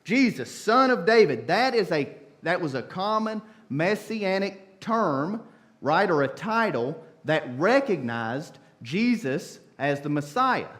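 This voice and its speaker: A preacher man delivers a sermon in a church, his voice swinging up and down with lively energy. He talks in a folksy, storytelling way, dropping casual asides to the congregation. His voice sits a touch high for a man. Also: slow. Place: church sanctuary.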